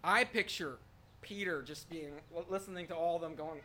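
A man preaching a sermon, reading scripture and then asking searching questions, swinging between loud proclamation and soft, quiet asking. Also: high voice, brisk, slight background noise.

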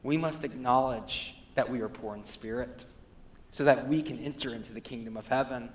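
A man preaching a sermon as pastor, moving between hushed, low passages and loud, rising appeals. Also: normal speed. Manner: preaching with wide swings between quiet, low passages and loud, high climaxes. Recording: long reverb of a hall.

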